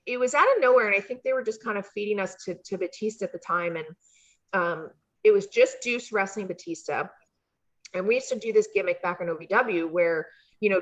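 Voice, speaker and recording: A woman telling animated stories as an interview guest, slipping into high voices when she acts out what people said. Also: muffled recording. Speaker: interview guest, former wrestling valet. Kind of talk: casual storytelling interview.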